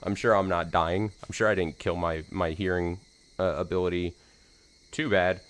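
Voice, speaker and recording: A slightly hoarse man hosting a let's play stream, chatting casually before reading a visual novel. He rambles in a self-deprecating way with plenty of fillers. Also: low-pitched, fairly even intonation, normal speed, a bit bright.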